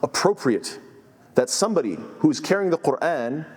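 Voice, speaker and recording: Earnest male imam preaching, slightly high-pitched, in a reverberant masjid hall. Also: expressive, a little fast, darkish tone. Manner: earnest, quotes Arabic scholars then translates. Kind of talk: sermon.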